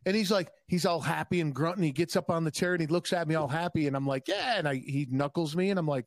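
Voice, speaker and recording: A young adult man telling profane, animated stories in a casual podcast chat. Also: on the high side, fast, few pauses, no room sound. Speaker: podcast guest.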